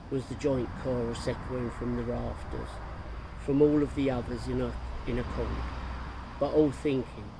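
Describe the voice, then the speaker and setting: Male storyteller, mellow dark tone, unhurried, faint hum behind. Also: medium pitch, rough recording. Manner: slow, even storytelling. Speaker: narrator. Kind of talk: reading a story aloud.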